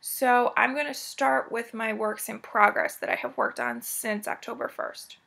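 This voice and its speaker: A woman talks at home in a rambling, chatty way, drifting into asides as she gives a cross-stitch update. Her voice sits a little high and has a gravelly, fried edge. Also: big pitch swings, measured pace, bright, forceful tone.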